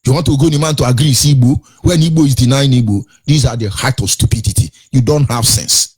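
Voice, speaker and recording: Husky Nigerian man, indignant radio host. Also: medium pitch, fast talker, a little mellow. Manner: indignant, repeats phrases and rhetorical questions, sing-song lilt. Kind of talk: impassioned radio commentary.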